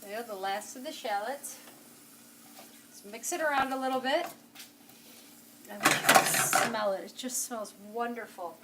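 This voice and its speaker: A chatty woman with a bright, fairly high voice hosts a cooking demonstration in her home kitchen. She sits a little back from the camera mic, and sizzling pans and clattering utensils are clearly heard behind her. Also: normal speed, distant mic, very noisy. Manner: chatty and enthusiastic, talks straight to the viewer. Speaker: home cooking show host.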